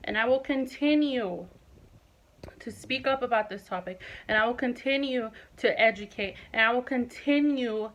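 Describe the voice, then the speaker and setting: A woman's voice: on the high side, normal speed, a bit bright, rough recording. A woman in her twenties speaking to her viewers in a personal vlog, impassioned and emphatic, repeating points for stress. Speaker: vlogger.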